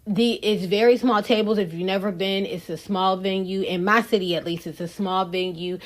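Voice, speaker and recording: A woman's voice: medium pitch, fairly even intonation, moderate pace. A woman hosting a podcast, chatting casually and frankly to her listeners. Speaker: podcast host. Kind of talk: casual solo podcast chat.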